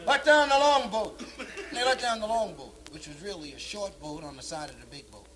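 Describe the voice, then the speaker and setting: A man's voice: on the high side, animated, a little fast, crowd noise. A man telling a comic story in a playful, punchy stand-up delivery. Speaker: stand-up comedian. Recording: crackly 1960s vinyl record.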